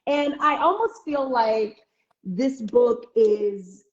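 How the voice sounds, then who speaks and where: A chatty woman author being interviewed over a video call, her talk full of ums and quick restarts. She sits a little high in pitch and breaks into excited, squeaky voices when quoting other people. The sound is dull and lo-fi, with a roomy echo around her. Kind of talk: casual conversational interview. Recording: echoey, dull lo-fi call audio.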